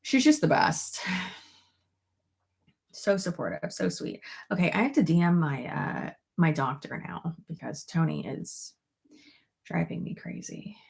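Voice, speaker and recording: A woman's voice: fairly low pitch, unhurried, pauses often, darkish tone. A young woman chatting casually to her viewers, swearing freely and laughing between stories. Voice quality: gravelly fry. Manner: chatty and profane, giggly asides. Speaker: beauty YouTuber. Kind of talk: casual chat to camera.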